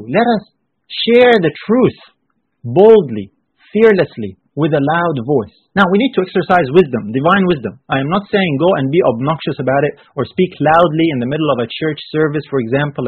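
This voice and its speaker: A man preaching a sermon emphatically, repeating phrases and rising into forceful bursts. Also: a little high, no echo. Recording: husky voice on a tinny phone-like line.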